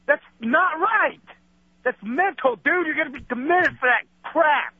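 A man's voice: extremely high pitch, lively intonation, unhurried, no echo. A man calling in to a radio show, agitated and ranting, swearing as he complains. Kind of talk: casual phone-in. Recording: tinny dry phone line.

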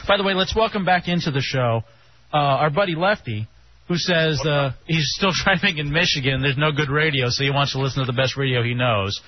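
A man hosting a casual radio talk show, joking and animated. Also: brisk. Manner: animated, joking, jumping pitch. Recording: dull lo-fi broadcast with faint hiss.

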